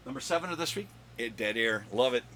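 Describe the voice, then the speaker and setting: A man hosting his own video countdown of comic finds, rambling and joking with his son off camera, with a slightly hoarse voice. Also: medium pitch, animated, fast, bright, forceful tone, a little hiss or hum. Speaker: comic collector and channel host.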